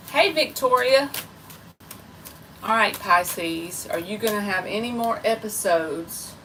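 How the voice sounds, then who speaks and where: A woman's voice: mid-range voice, fairly bright tone, distant mic, a little hiss or hum, rough recording. A woman tarot reader chatting casually and rambling on a live stream, talking straight to her viewers. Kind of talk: casual livestream chat.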